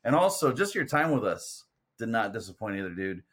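A man's voice: mid-range voice, big pitch swings, a little fast, a bit bright. A man hosting a casual podcast, thanking his guest with friendly enthusiasm. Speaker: podcast host. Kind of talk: casual chat.

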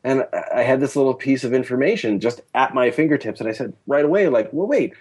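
A man as guest journalist on a podcast, telling stories in a lively, rambling way with many fillers. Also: mid-range voice, fast, slightly rough. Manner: animated storytelling, lots of fillers. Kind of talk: casual podcast interview.

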